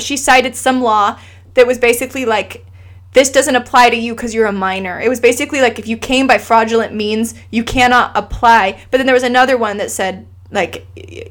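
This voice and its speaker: A woman in her thirties, a guest telling a personal story in casual conversation, earnest and emotional, acting out what others said. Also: a little high. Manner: animated, quotes others in lively asides.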